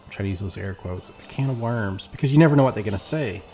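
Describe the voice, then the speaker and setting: Man gamer, deeper register, rambling running commentary with quoted asides, faint music bed. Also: lively intonation, fast talker, dark tone. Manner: chatty, rambling, acts out quotes. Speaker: gameplay streamer. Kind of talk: casual commentary while playing.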